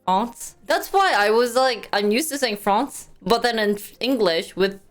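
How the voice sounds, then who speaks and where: A woman's voice: a little high, expressive, unhurried, faint music behind. A woman live streamer chatting casually and reading news aloud. She thanks donors and stumbles over hard words.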